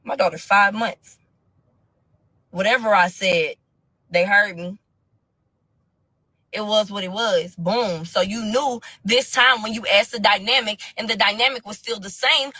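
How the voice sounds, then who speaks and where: A woman rants through a personal story for her viewers in bright, cutting tones, heavy with profanity and slang. She drops to low mutters, then bursts into loud crying shouts. The sound is close and dry. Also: unhurried, pauses often, slightly rough, dry recording, rough recording. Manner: profane, blunt street slang. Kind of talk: casual storytime rant.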